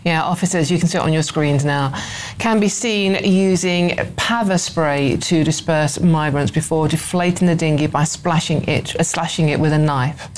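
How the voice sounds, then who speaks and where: Low-voiced woman co-hosting. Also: darkish tone, slight background noise. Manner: chatty, bubbly, quick to gasp and laugh. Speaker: co-host. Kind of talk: casual studio chat.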